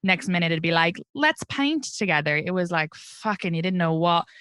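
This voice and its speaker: An Irish woman in her thirties talks with a bright, forceful voice that sits a little low. She chats candidly and laughs easily, and her voice sounds dry and close to the mic. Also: level tone, fairly quick, smooth, no echo. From Ireland. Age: 30s. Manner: chatty, candid, laughs often. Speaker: comedian guest. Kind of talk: casual interview chat.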